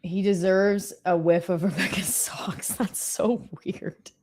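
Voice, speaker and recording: A woman's voice: mid-range voice, steady tone, slow, darkish tone, faint music behind. A woman co-hosting a live trading stream, chatting casually, laughing and cheering her trades on.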